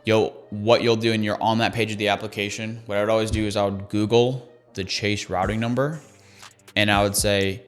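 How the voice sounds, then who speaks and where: A man's voice: fairly low pitch, level tone, a little fast, smooth, faint music behind. A man giving sales training in an emphatic, conversational way, repeating his key phrases. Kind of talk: coaching talk on sales calls.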